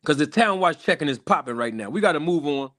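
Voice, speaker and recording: A man's voice: fairly high pitch, lively intonation, quick pace, fairly bright tone. Hype man hosting a live stream. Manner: hype, chatty, calls out to the chat. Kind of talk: casual live stream talk.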